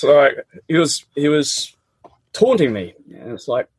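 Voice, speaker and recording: A man's voice: fairly high pitch, sing-song, unhurried, a little mellow, slightly rough. A middle-aged man with a New Zealand accent, casually and animatedly telling a personal story, often laughing.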